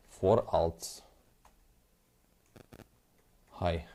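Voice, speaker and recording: A man's voice: fairly low pitch, lively intonation, a little slow, darkish tone. A man talking casually through crypto charts as a trading analyst, rambling and muttering to himself in non-native English, with the odd swear.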